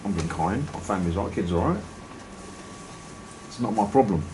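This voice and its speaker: A man's voice: lowish voice, lively intonation, brisk. Man, audience member, plain-spoken, wry, rambling, background noise. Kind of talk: casual group discussion. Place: meeting room. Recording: echoey room, noisy.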